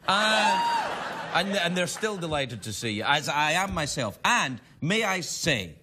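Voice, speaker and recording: A man's voice: fairly high pitch, sing-song, measured pace, bright, forceful tone. A male talk show host in casual late-night chat, rambling and jokey and often cutting himself off mid-sentence. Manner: rambling, jokey, self-interrupting.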